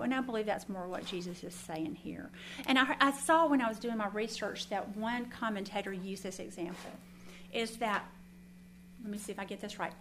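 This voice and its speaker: A woman's voice: medium pitch, fairly bright tone, a little hiss or hum. A woman teaching a Bible study in an earnest, conversational way, with folksy asides.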